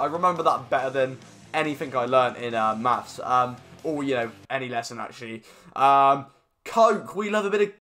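A young man chatting through a video game pack opening, excitable and slangy, with bursts of shouting at big pulls. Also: medium pitch. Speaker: gaming YouTuber. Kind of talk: casual pack-opening commentary.

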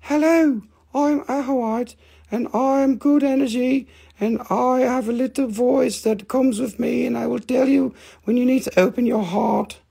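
Talking crystal, cheery and sweet, high coaxing sing-song, put on by a man with a gravelly voice. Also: fairly even intonation, measured pace, dark tone, full character voice. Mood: cheerful coaxing.

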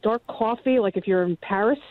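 A woman's voice: medium pitch, a little fast, no room sound. Chatty woman caller on a phone line. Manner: chatty, gushing. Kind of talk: phone-in chat.

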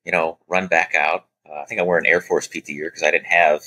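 Quick-paced and husky, a deep-voiced man tells a bright, punchy story as a podcast guest. He's a former Air Force special operator, and in this casual storytelling interview he acts out dialogue with lots of "you know" fillers.

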